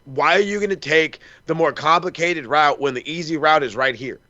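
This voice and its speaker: In a fairly high-pitched voice at a normal pace, this wrestling podcast co-host tells rambling, profane stories, performing the quoted lines and asides with animation. The audio is lo-fi, with no room sound.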